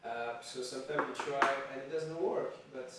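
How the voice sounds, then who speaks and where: A man's voice: medium pitch, steady tone, moderate pace. A man vlogging casually, chatting to himself and his viewers and chuckling often, in a small room. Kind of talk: casual self-filmed vlog. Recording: very echoey room, distant mic, faint hiss.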